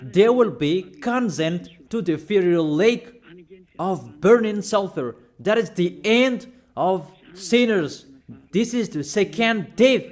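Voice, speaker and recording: High-voiced man preaching a scolding sermon. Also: animated, slow. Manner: forceful, scolding, rhetorical questions.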